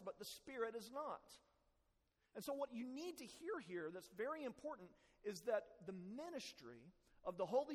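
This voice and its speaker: A man's voice: high voice, long reverb tail. A man preaching a sermon as pastor, earnest and self-deprecating, with rising emphasis on key points.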